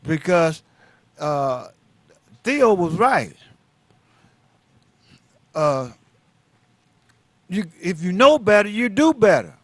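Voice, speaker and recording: A man's voice: high-pitched, very animated, very slow, long pauses, fairly bright tone, dry recording. A man talking on a studio talk show in a folksy, laid-back way, telling stories with emphatic peaks. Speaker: show guest, educator.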